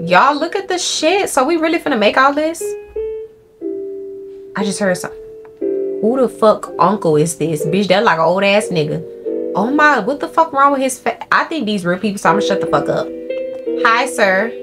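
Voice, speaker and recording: Brief: young female gaming creator, cussing and excitable, talking to her viewers over game music, average pitch. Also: normal speed, pauses often. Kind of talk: let's play commentary.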